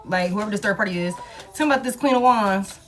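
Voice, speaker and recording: A woman's voice: medium pitch, fast talker, a bit bright, soft background music. A woman giving a casual tarot reading, speaking in a slangy, emphatic and repetitive way, with frequent swearing. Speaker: tarot reader.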